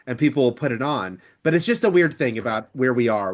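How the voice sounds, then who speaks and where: A man co-hosting a movie podcast, chatting casually in animated, rambling asides. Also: medium pitch, brisk, hardly any pauses. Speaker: podcast co-host. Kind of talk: casual chat.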